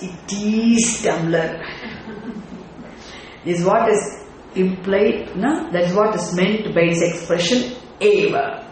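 A teacher giving a scripture class, explaining terms deliberately, checking in with the class through rhetorical questions and now and then chanting words in a sing-song way. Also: medium pitch, slight background noise. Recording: very echoey room with faint ambience.

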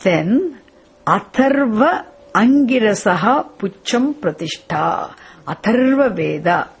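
A woman teaches a scripture class in a breathy voice. She circles back over her phrases and keeps asking her listeners questions as she explains. Her pitch sits in the middle range. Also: lively intonation, slow pace. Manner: repetitive, questioning, restarts phrases. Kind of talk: classroom lecture.

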